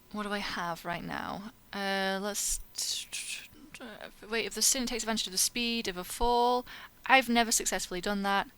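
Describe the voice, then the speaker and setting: A woman's voice: medium pitch, normal speed, fairly bright tone, smooth. A woman playing a video game and talking casually over it, chatty and self-mocking, now and then swearing at the game. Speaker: gaming video host. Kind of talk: casual let's play commentary.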